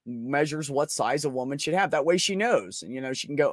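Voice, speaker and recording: A man's voice: fairly high pitch, big pitch swings, fast, no room sound, clean studio sound. A young man hosting a casual livestream, crude and joking, laughing often as he reads chat. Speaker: livestream host.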